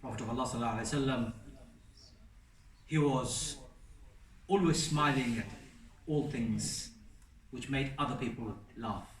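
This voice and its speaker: A man's voice: mid-range voice, normal speed, pauses often. A man preaching a sermon in a mosque, earnest and emphatic, stacking phrases into lists and sprinkling in Arabic blessings. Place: mosque hall. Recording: roomy mosque hall, distant mic.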